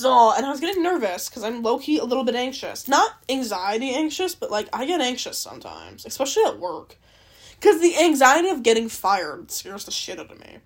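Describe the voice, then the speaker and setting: Brisk and very animated, this young woman's fairly high voice carries her solo podcast, a casual, meandering chat where she cuts herself off and curses freely. She sounds out of breath and dry-mouthed.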